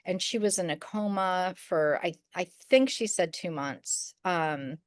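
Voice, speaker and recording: Chatty middle-aged woman, smooth voice. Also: on the low side, a little slow, no echo, studio quality. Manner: rambling, with many restarts and fillers; acts out the people she quotes. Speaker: podcast co-host. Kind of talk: casual storytelling chat.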